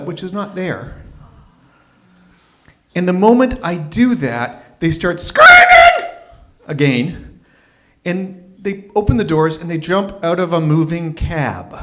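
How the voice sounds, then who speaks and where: A man from Toronto, telling a story live at an open mic in a wry, animated, self-mocking way. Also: sits high. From Toronto, Canada.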